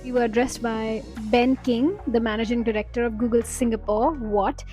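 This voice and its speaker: A woman's voice: on the high side, level tone, fairly quick, a little mellow, faint music behind. A woman narrating her day in a casual, enthusiastic vlog voice-over. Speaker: vlogger.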